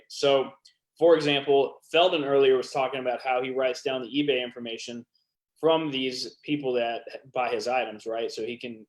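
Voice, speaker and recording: A man's voice: mid-range voice, poor audio. A man hosting an interview who turns to his viewers and coaches them directly. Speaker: host. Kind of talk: casual interview and coaching talk.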